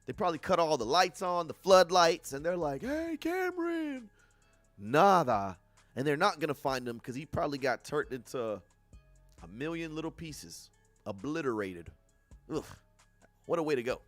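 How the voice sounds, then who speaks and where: A young man hosting a livestream, reacting to news with profane, animated commentary and frequent laughs. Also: fairly high pitch, moderate pace, dry recording, faint music behind. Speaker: livestream host. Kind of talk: casual commentary on news clips.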